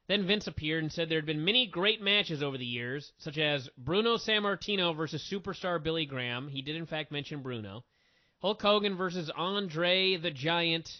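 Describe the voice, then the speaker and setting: A man hosting a wrestling review podcast, talking in an opinionated, animated way with quick asides. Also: a little high. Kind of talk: casual review chat. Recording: dull lo-fi audio.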